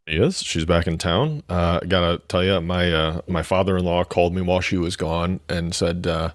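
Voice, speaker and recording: A man's voice: low voice, moderate pace, hardly any pauses, no echo. A man co-hosting a money radio show, teasing his partner with dry sarcasm. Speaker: radio co-host. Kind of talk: casual banter.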